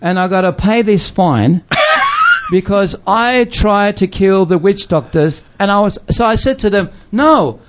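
A man's voice: high-pitched, wildly swooping pitch, a little slow, heavy background noise. An older man, a missionary, telling a story in a casual chat, acting out voices and laughing often. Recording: dull lo-fi sound.

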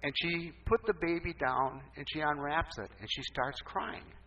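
A male pastor telling a story in a sermon, emphatic and animated, with sudden upward swoops in pitch. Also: normal speed, slightly rough. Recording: distant, dull, muffled recording.

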